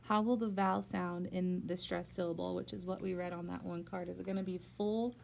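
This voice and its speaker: A woman's voice: lowish voice, fairly even intonation, brisk, creaky, darkish tone, a little hiss or hum. A woman teaching reading one-on-one, prompting a student step by step with patient encouragement. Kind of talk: one-on-one phonics tutoring.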